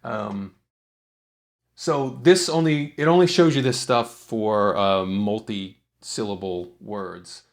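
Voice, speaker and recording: A man teaching songwriting in a relaxed, explanatory way, with frequent fillers and restarts. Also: fairly low pitch, slow pace, gravelly. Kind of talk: casual instructional talk.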